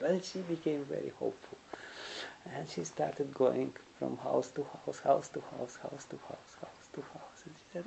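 A man's voice: mid-range voice, steady tone, normal speed, gravelly, warm tone, a little hiss or hum, low-quality recording. A man giving a spiritual lecture, telling stories in a rambling way and chuckling often. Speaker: spiritual teacher.

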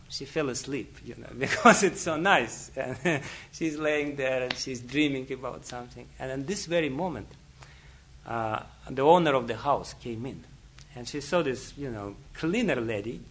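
A man's voice: mid-range voice, fairly bright tone, a little hiss or hum. A man giving a spiritual talk, telling a story and chuckling often, with many "you know"s. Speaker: spiritual teacher. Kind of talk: storytelling lecture.

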